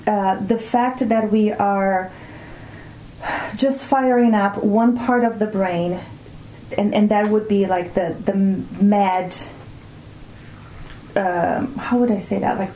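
A woman from Brazil, a mindfulness teacher calmly explaining emotions in an interview and slowing down to stress her points. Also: medium pitch, a little hiss or hum. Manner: calm, reflective, often slows to stress words. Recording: roomy echo.

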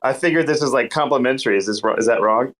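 A man's voice: mid-range voice, fast talker, a bit bright, rough recording. A man in casual chat, asking curious questions with hesitant restarts.

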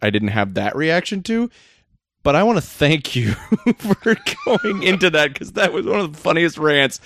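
Lively man hosting a film podcast. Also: a little high, moderate pace, slight background noise. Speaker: podcast host. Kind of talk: casual film review chat.

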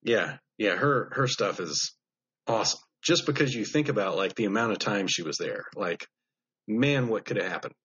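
Blunt, husky-voiced knife maker guest. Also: male voice, on the low side, moderate pace, dull audio. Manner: blunt, animated storyteller with many fillers. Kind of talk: casual podcast storytelling.

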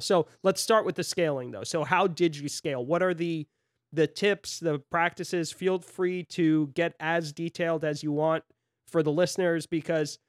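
A man's voice: fairly high pitch, no echo. Young man hosting a podcast, dry sound. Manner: friendly, rambling questions with restarts. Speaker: podcast host. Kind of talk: casual interview chat.

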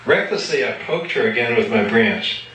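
A man reading his own fiction aloud at a live event, in a measured, matter-of-fact way. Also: mid-range voice, lively intonation, fairly bright tone, distant mic, slight background noise. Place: live reading at an evening gathering. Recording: echoey room from afar.

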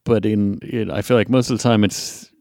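Gravelly low-voiced man musing on a podcast. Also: fairly even intonation, moderate pace, a little mellow, no echo, clean studio sound. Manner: thoughtful, hesitant musing. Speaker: podcast co-host. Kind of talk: casual chat.

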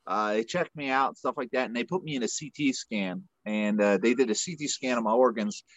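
A retired male fighter, a podcast guest, telling a story in a rambling, animated way with lots of fillers. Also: mid-range voice, brisk, dry recording. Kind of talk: casual storytelling. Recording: muffled dry podcast audio.

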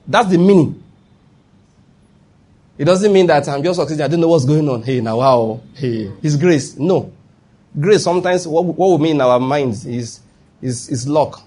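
A man's voice: fairly high pitch, dark tone, breathy edge. A man with a Nigerian accent preaching a sermon, emphatic and often asking whether listeners follow his point. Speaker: pastor.

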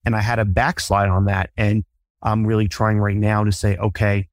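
A man hosting a podcast interview, talking in a reflective, measured way and openly about himself. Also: on the low side, level tone, dry recording, clean studio sound. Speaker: podcast host.

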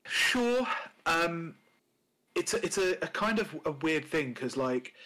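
A man's voice: a little high, sing-song, slow, pushed and bright, poor audio. A man co-hosting a casual podcast chat, rambling with many fillers and restarts, and swearing now and then. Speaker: podcast co-host.

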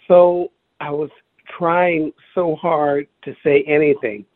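Man talking haltingly over a phone line. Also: a little high, fairly even intonation, dry recording. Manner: halting, hunts for words, repeats himself. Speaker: interview guest. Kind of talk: personal recollection over the phone. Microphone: telephone.

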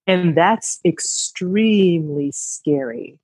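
Woman, podcast co-host, candid, reflective, husky voice, dry room. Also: sits low, slow pace, hardly any pauses, dry recording, poor audio. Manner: reflective, candid, rising emphasis. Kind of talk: casual heartfelt conversation.

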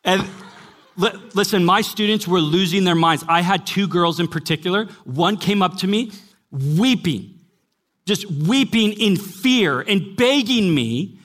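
Before a live audience at a church gathering of young adults, a man with a high-sitting, a bit bright voice preaches at a measured pace. This animated pastor and former college teacher tells stories emphatically, often saying "listen."

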